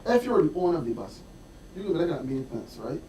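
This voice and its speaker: A man's voice: a little high, big pitch swings, fast talker, warm tone, distant mic, a little hiss or hum. A Barbadian man on a discussion panel, walking through examples and checking in with "right?". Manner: lays out scenarios, asks "right?". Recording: roomy, off-mic.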